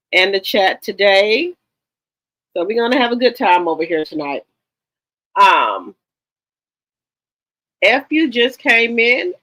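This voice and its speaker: A livestream host chatting casually with viewers, greeting them one by one with repeated hellos and often pausing with ums. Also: mid-range voice, bright, forceful tone. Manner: chatty, with frequent ums and restarts. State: a little tired. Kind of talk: casual live-stream chat. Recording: slightly dull lo-fi sound.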